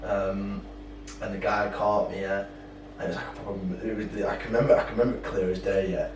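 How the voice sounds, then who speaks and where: A man's voice: lowish voice, flat delivery, fairly quick, darkish tone, faint music behind. A young man, co-hosting a podcast and telling stories in heavy slang and swearing. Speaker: podcast co-host. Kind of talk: casual chat. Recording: roomy, distant mic, faint background hum.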